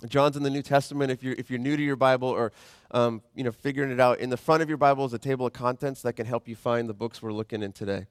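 A male pastor delivers a sermon in a conversational, animated way, slowing his pace whenever he reads scripture. His voice is smooth and mid-range, recorded at studio quality with no echo.

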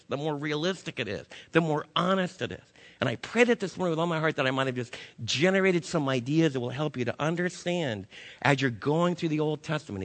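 A pastor delivering an impassioned sermon, swinging between loud urging and hushed, slow emphasis. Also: male voice, fairly high pitch. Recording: long reverb of a large hall.

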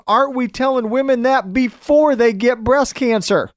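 A man's voice: very high voice, normal speed, no room sound, clean studio sound. A man hosting a radio show, delivering an emphatic, repetitive ranting monologue.

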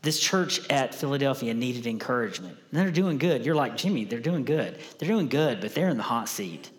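A male preacher gives a sermon in a relaxed, conversational style, repeating key lines so they sink in. His middle-pitched voice is expressive and fairly quick, with a long church-sanctuary reverb.

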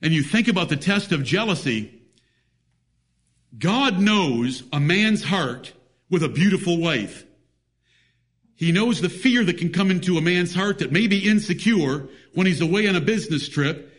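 A man with a fairly high voice preaches a sermon. He speaks emphatically and reads scripture in old-fashioned biblical wording. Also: fairly bright tone.

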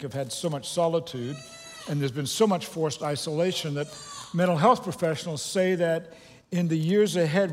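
A man's voice: on the high side, in a large hall, slight background noise. A man giving a casual, joking sermon as a pastor, speaking to a congregation in a church. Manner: conversational and joking, with loose restarts. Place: church sanctuary.

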